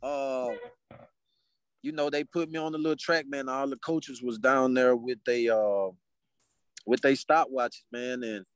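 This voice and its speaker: Man telling a lively story, dry sound. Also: medium pitch, measured pace, smooth, no room sound. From Mobile, Alabama, US. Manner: animated, acts out dialogue in quotes. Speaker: podcast guest. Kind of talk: casual storytelling.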